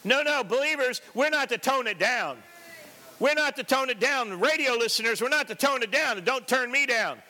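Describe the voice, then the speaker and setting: Pastor, male, high voice with a bright edge, drives points home by repeating them, cracks jokes along the way. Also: animated, moderate pace. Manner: emphatic, repetitive preaching with joking asides. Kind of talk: sermon.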